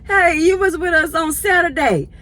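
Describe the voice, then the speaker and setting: A woman voicing a sweet elderly church lady who is a nervous driver, in a high, excited quoting voice. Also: moderate pace.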